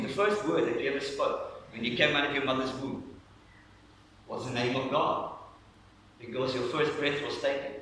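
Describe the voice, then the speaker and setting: A male pastor preaching a lively sermon to his congregation, guiding them through breathing along the way. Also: medium pitch, slight background noise. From South Africa. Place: church hall. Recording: echoey church hall, mic at a distance.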